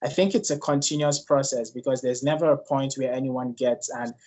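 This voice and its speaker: A man's voice: medium pitch, steady tone, brisk, darkish tone. A man from Nigeria with a Nigerian accent, speaking earnestly and personally as a guest on a leadership panel discussion.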